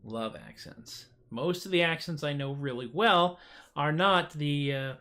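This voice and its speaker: A man's voice: a little high, measured pace, sharp tone. A man hosting his own livestream show, chatting casually between songs with rambling, self-deprecating jokes. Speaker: singer-songwriter host of a livestream show.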